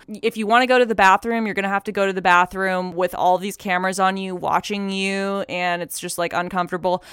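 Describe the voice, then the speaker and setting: A young woman talks straight to her audience, telling a personal story in a loose, chatty way, full of fillers and casual swearing. Her voice is smooth and clear. The sound is dry and close. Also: mid-range voice, fairly bright tone, no room sound. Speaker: vlogger.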